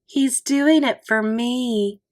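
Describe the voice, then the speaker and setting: A woman voicing an excited, bossy fourth-grade girl with a squeaky voice in a storybook read-aloud. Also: slow. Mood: thrilled. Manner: eager, insistent, shrill bursts.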